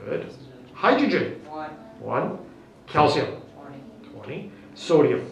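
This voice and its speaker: A man's voice: fairly high pitch, expressive, slow, gravelly, a little hiss or hum. A male teacher leading a classroom lesson, upbeat and coaxing, constantly checking in with "okay?" and "right?". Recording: very echoey classroom, distant mic.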